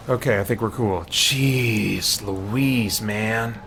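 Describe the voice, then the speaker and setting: A man's voice: fairly low pitch, takes it slowly, hardly any pauses, soft background music. A man commentating on his own gameplay, talking to himself, easily startled and often exclaiming. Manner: jumpy, excitable, easily startled. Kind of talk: let's play commentary.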